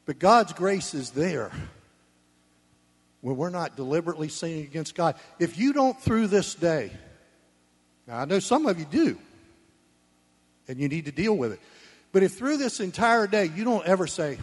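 A man preaching a sermon, blunt and folksy, swinging between loud emphasis and soft asides. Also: fairly high pitch, expressive, moderate pace, long pauses, breathy edge. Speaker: pastor. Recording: long reverb of a church hall.

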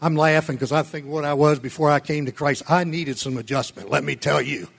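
A man preaching a sermon as pastor, fervent and emphatic, rising to near-shouting, with folksy asides and chuckles. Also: a little high, a little fast, vocal fry, husky.

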